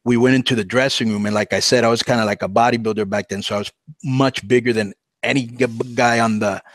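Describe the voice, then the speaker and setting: A man spinning a long story on a podcast in an easy, animated way, dropping into the voices of the people he quotes. His voice sits at a middle pitch. The sound is close and dry, with no room around it. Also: fast talker, no room sound. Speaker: podcast guest. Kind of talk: casual storytelling.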